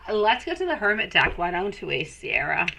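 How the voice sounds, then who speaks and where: A woman's voice: lowish voice, big pitch swings, moderate pace, vocal fry, noisy background. A woman giving a live-stream tarot reading, chatty and affectionate, calling viewers sweetie. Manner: chatty, rambling with restarts. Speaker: tarot reader.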